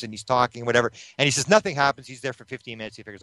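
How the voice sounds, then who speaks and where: A Canadian UFO researcher, a guest in an interview, tells a story in a rapid-fire, mid-range voice with few pauses. His voice is dry with no room sound, and his animated retelling acts out quoted voices and includes restarts.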